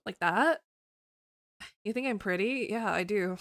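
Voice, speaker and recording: A young woman streaming as a vtuber, chatting casually and teasing her viewers with giggles, often slipping into a higher, cutesy greeting voice. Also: unhurried, a bit bright, no echo, studio quality.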